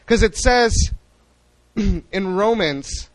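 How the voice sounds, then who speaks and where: A young man preaching a sermon in an animated way, acting out the voices he quotes. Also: high voice, very slow, no room sound, low-quality recording.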